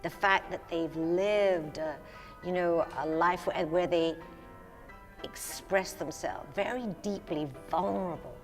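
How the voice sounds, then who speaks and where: A woman's voice: on the low side, slow, faint music behind. Candid older woman singer, reverberant sound. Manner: candid, self-deprecating, laughs often. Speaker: singer and stage actress, interview guest. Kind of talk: relaxed conversational interview.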